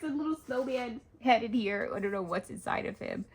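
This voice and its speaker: Excitable gushing woman, husky. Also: on the high side, fairly quick. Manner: gushing, excitable, squeals and gasps, lively. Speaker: craft channel host. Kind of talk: happy mail unboxing vlog.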